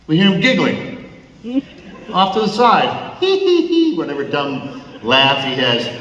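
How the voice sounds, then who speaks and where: A man's voice: mid-range voice, unhurried, muffled recording. Older man telling stories in an echoey hall. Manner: animated anecdotes, mimicking others, laughing often. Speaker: actor at a fan Q&A. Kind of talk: storytelling Q&A on stage. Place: large theater with audience. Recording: distant, echoey hall with noise.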